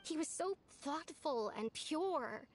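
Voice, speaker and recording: A gentle young woman from a video game speaks in a soft, sincere way about someone she misses. Her voice sits high and light. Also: lively intonation, slow, faint music behind, full character voice. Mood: wistful. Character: gentle young woman missing a dear friend. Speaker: game character.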